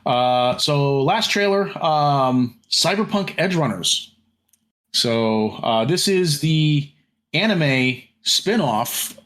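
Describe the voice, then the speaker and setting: A man's voice: on the high side, expressive, slow pace, a bit bright. A man co-hosting a podcast in casual chat, rambling with many fillers and restarts and some casual swearing. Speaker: podcast co-host.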